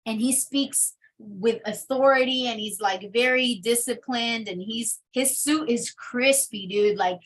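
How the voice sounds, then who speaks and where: A young adult woman telling her personal testimony in an interview, in a casual, animated storytelling manner. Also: fairly high pitch, a little slow, few pauses. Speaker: interview guest.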